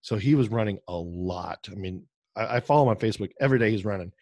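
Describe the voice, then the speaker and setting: Man, low voice, dry close sound, rambling casual co-host on a call. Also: fast talker, darkish tone, no echo. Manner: rambling, with many ums and restarts. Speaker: podcast co-host. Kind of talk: casual podcast chat over video call. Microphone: video call.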